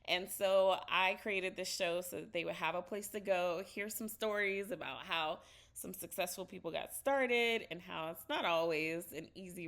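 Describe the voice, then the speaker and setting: A woman with a Southern US accent hosting a business interview show, bubbly and quick to laugh. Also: lowish voice, creaky, a bit bright. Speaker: host.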